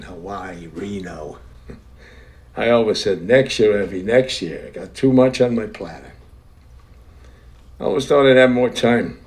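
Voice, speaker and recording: An actor playing a lonely old widower, folksy and reflective, in a film scene. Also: male voice, mid-range voice, close to an everyday voice. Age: older.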